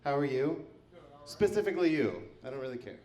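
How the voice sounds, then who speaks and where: A man's voice: medium pitch, sing-song, a little fast, dark tone. Man doing stand-up in an echoey room. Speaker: stand-up comedian. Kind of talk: stand-up comedy set.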